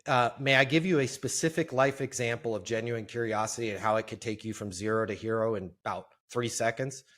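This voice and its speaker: A middle-aged man and sales trainer telling a lively, self-deprecating story as a guest in an interview. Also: on the low side, fairly quick.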